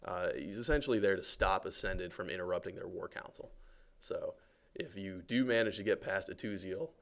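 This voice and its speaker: A man with a deep, gravelly voice gives a casual livestream tour of a game. He talks in a relaxed, joking way, full of fillers and asides to his viewers. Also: normal speed. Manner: relaxed, chatty, lots of fillers and jokes.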